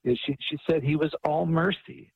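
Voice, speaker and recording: Male author guest, husky, dull radio-line sound, animated storyteller who repeats words. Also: a little high, moderate pace, no room sound.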